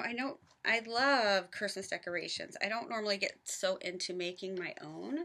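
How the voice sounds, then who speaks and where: A woman's voice: on the low side, pushed and bright. A woman from the American South giving a chatty, casual craft tutorial in her home office, narrating each step with self-deprecating asides. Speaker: craft vlogger.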